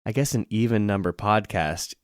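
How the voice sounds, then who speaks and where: A man's voice: lowish voice, normal speed, no room sound, clean studio sound. A man co-hosting a podcast, joking around playfully and a little tipsy from drinking. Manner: giggly, playful banter. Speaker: podcast co-host. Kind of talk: casual tipsy chat.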